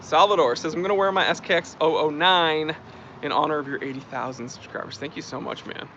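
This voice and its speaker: A man's voice: a little high, a little fast, background noise. A man hosting a casual live stream, chatting and reading out and thanking viewer comments. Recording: dull lo-fi stream audio.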